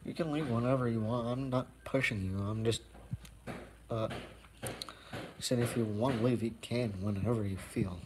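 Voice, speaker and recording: A young man rambles through a casual live stream from his home, drifting between topics with plenty of fillers and loose asides. His voice sits at an ordinary middle pitch, and he sounds easygoing as he moves about the room. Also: normal speed, pauses often, noisy background. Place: at home, walking around.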